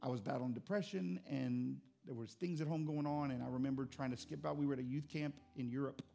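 A man's voice: medium pitch, brisk, vocal fry, warm tone, soft background music. A middle-aged man, a pastor, preaching a sermon with earnest storytelling that rises to impassioned intensity.

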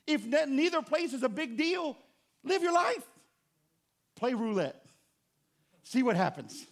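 A man preaching a sermon as pastor, animated and conversational, with joking asides to the congregation. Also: very high-pitched, unhurried, creaky.

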